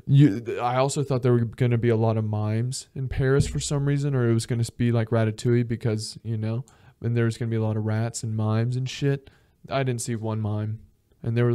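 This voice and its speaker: Mellow, profane young storyteller. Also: male voice, mid-range voice, normal speed, clear, resonant tone. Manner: animated and profane, laughs often, acts out quotes. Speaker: podcast host. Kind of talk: casual storytelling.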